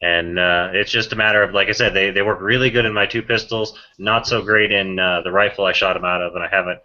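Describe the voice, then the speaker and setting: A man's voice: low-pitched, fairly even intonation, fast, sharp tone. A man chatting casually in an online voice chat, rambling with many restarts. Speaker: gun owner in an online voice chat. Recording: muffled voice-chat audio.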